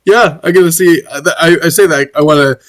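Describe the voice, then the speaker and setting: A man's voice: fairly high pitch, a little fast. A man playing a tabletop game, talking casually and hesitantly with repeated words. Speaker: player.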